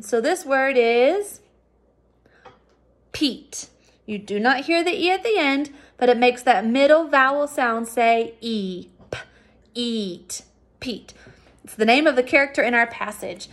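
A woman teacher giving a recorded phonics lesson for children, patient and sounding out words slowly. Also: high-pitched.

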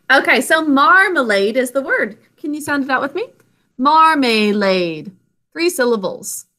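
A woman's voice: a little high, bright, forceful tone. A woman teaching a spelling lesson to children, patiently sounding words out syllable by syllable over a video call.

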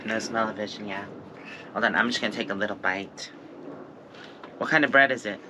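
A man's voice: on the low side, brisk, pushed and bright, a little hiss or hum. A man chatting cheerfully through a casual gardening vlog outdoors at a camp, cooing at his pets. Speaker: vlogger.

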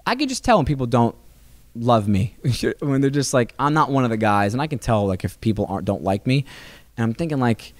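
A man, a stand-up comedian, chatting as a podcast guest in a rambling, animated way with many restarts. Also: medium pitch, fairly quick, no room sound. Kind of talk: casual interview chat. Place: comedy club.

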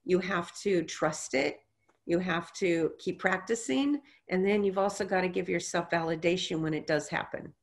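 Animated woman, lower voice. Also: normal speed. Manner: animated storyteller who acts out quotes. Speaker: guest, intuitive reader. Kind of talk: casual interview conversation.

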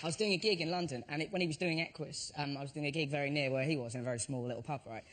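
A high-pitched man tells a comic story on a panel show, acting out voices as he goes. Heavy studio noise sits behind him. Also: rapid-fire. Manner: animated, acts out voices in anecdotes. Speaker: comedy panelist. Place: TV studio with audience. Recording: loud audience noise behind.

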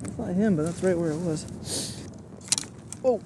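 A man vlogging from a kayak while fishing, exclaiming and talking excitedly to his viewers, short of breath. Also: high-pitched, moderate pace, pauses often. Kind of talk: excited outdoor commentary. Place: on a kayak on open water. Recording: noisy outdoor recording.

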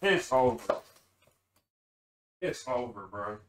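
A man hosting a music reaction, talking casually in excited slang and repeating himself as he reacts. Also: medium pitch, slow.

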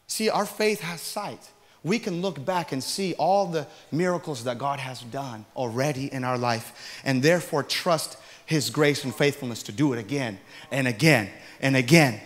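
Animated preacher man, echoing church hall. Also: fairly high pitch. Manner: animated storyteller, acting out dialogue with big swings from hushed to loud. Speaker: preacher giving testimony. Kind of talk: sermon testimony storytelling. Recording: long hall reverb.

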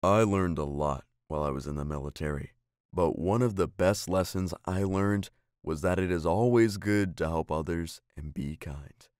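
A gentle father and former soldier tells a bedtime story, as a man puts him on. His deep voice is soft and unhurried. The sound is dry and close. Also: clear, resonant tone, no echo, natural voice. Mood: tender.

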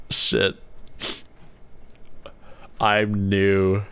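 A man's voice: lowish voice, big pitch swings, very slow, pauses often, a bit bright, clear, resonant tone. A young man streaming a game in casual chat, swearing a lot and laughing at other players. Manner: profane, laughs often, mocks other players. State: sleepy.

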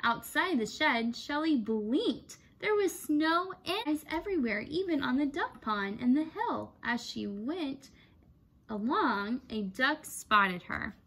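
A woman teacher reads a children's picture book aloud in an expressive storytelling style. Her voice is bright and fairly high and moves a lot in pitch. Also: takes it slowly.

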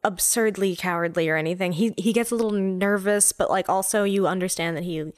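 A woman's voice: mid-range voice, a little fast, no room sound, studio quality. A woman co-hosting a casual podcast chat, talking with many fillers and restarts. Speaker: podcast co-host.

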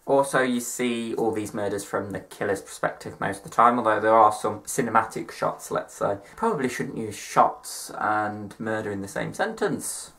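A man's voice: on the low side, expressive, moderate pace, few pauses, fairly bright tone. A young man chatting casually to camera as a vlogger, rambling along with self-mocking asides. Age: young adult.

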